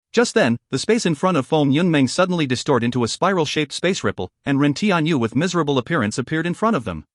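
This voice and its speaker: A man narrating a fantasy audiobook in a steady storytelling way, recorded on a close mic in a studio. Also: a little high, fast talker, few pauses, no room sound.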